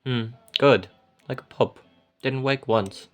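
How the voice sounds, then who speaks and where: A man's voice: medium pitch, slow pace, soft background music, natural voice. A man voicing a cheerful feathered bird-man cowboy who talks in a folksy, easygoing drawl. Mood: teasing.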